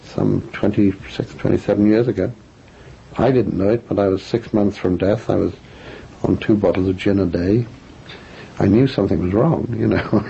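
A man's voice: lowish voice, vocal fry, mellow. An older man from England, answering interview questions in a reflective, self-deprecating way with frequent restarts. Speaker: author and guest. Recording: dull lo-fi radio recording with faint noise.

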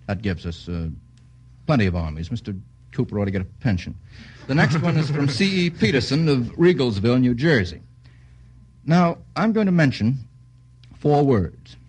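A man hosting a vintage radio quiz show, brisk and jovial, tossing out quips between questions. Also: medium pitch, darkish tone, slightly rough.

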